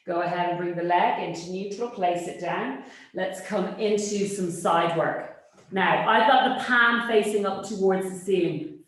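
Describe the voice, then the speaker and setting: A woman teaching a Pilates class, giving brisk, encouraging cues and checking in with a quick "yes?". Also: mid-range voice, fairly bright tone. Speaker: Pilates instructor. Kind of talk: cueing an exercise class. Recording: very echoey room.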